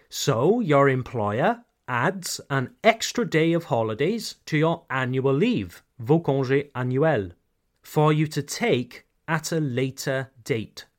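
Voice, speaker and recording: Male teacher, podcast lesson, fairly high and very lively voice, talks straight to listeners. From United Kingdom. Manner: slow, clear, repeats key phrases, addresses "dear listeners". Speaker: English teacher, podcast host.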